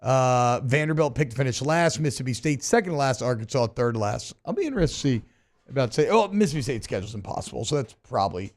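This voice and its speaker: A man co-hosting a sports radio show, quick and wry, mixing jokes with analysis. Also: medium pitch, lively intonation. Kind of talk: casual sports radio banter. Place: radio studio.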